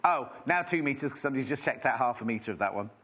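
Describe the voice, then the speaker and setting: A man's voice: mid-range voice, expressive, fast, fairly bright tone. A man presenting fabrics live on a shopping channel, chatty and rambling as he exclaims over each one. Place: TV shopping studio.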